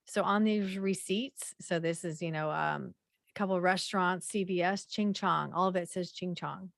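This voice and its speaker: A woman presenting a slideshow workshop in a conversational way, with frequent fillers and repeated throat clearing. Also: lowish voice, steady tone, moderate pace, a bit bright, no room sound, studio quality.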